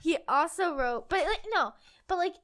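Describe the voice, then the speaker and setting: A woman's voice: extremely high pitch, lively intonation, normal speed, a bit bright. A young woman co-hosting a casual chat, reading passages aloud and insisting on getting through them. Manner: chatty, lots of "like", insistent when reading. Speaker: co-host.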